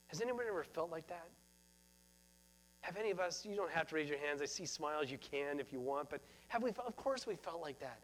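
High-voiced man preaching a sermon. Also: animated, fairly quick, fairly bright tone. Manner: earnest, repeats phrases for emphasis. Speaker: pastor.

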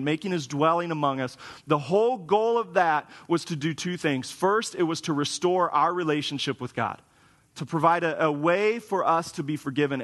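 A man's voice: fairly high pitch, fairly bright tone. A man preaching a conversational sermon as a pastor, casual and wry, with frequent restarts, in a church sanctuary. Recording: long hall reverb.

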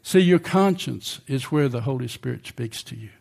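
A man's voice: medium pitch, expressive, normal speed, gravelly, darkish tone. An older man preaching a sermon in a conversational way, often asking the congregation questions.

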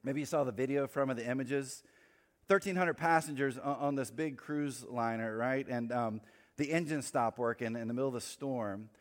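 A man preaching a sermon with an easy, conversational delivery, dropping in quick humorous asides. His voice sits at an ordinary middle pitch, and it rings out with a long reverb, as if recorded in a large hall. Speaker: pastor.

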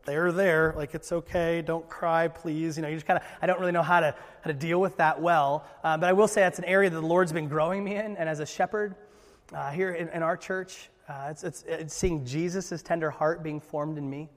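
Man preaching in a church hall, high-pitched, earnest, swings loud to soft, echo of a big room. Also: fairly even intonation, a little fast. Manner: earnest, jokey asides, swings from loud to hushed. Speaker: pastor. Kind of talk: sermon.

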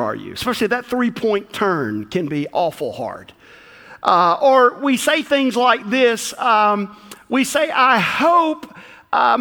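A man's voice: high voice, bright, forceful tone, long reverb tail. A man with a Southern accent preaching a sermon to his church, folksy and joking as he teaches. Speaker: pastor. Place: church sanctuary.

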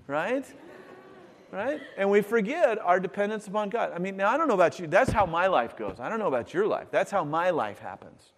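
A man preaching a sermon, reading scripture aloud and talking to the congregation in an animated, conversational way. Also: high voice, fairly quick. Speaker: pastor. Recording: long hall reverb.

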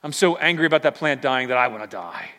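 A man voicing a miserable, sulking male prophet with whiny, loud outbursts, in a reverberant hall. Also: mid-range voice, lively intonation, fast talker. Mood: bitter.

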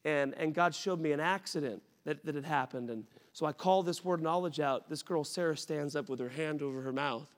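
A young adult man preaching a sermon as pastor, telling stories with animated energy and bursts of shouting. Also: a little high, brisk, few pauses. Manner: animated, rising to shouts when excited. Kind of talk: sermon storytelling. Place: church sanctuary. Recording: reverberant church hall.

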